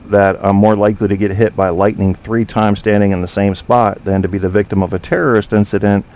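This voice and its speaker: Speaking in a lowish, somewhat dark voice, a man hosts a casual talk-show podcast from his home studio. He rambles through provocative, joking banter packed with fillers.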